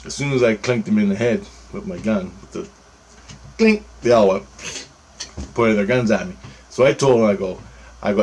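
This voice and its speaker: A man's voice: fairly low pitch, normal speed, long pauses, darkish tone, husky. A man telling a story about a dream in a rambling, profane, casual way. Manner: rambling, profane, restarts phrases.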